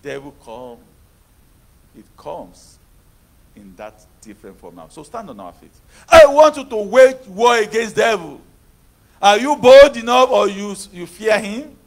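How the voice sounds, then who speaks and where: A man preaching a sermon who moves between hushed talk and shouted, repetitive prayer declarations. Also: high voice, sing-song, measured pace.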